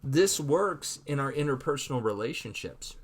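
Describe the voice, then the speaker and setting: A male lecturer talks through a recorded online lesson in a loose, conversational way. He often stumbles over and repeats words, and voices his own inner thoughts as he goes. His voice sits at an ordinary middle pitch. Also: animated, normal speed, husky.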